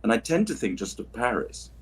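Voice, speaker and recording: A man's voice: mid-range voice, very animated, a little fast, slightly rough. A voice actor chatting casually on a livestream while signing prints, drifting through anecdotes and restarting his sentences. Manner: rambling, anecdotal, many restarts and asides.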